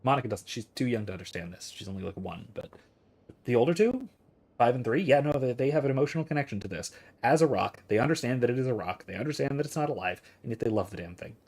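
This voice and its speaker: Husky-voiced man, 30s, casual philosophy streamer who thinks out loud. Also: mid-range voice, big pitch swings, fast. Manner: rambling, thinks aloud with restarts. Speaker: philosophy streamer reading chat.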